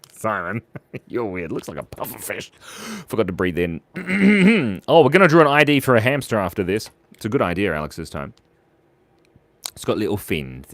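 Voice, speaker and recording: A man, livestreaming as he draws. He chats playfully with viewers, reads out their names and gives shout-outs, and drops to a soft murmur while he draws. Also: low-pitched. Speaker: streamer drawing live for viewers. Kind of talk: chatty live-stream drawing commentary.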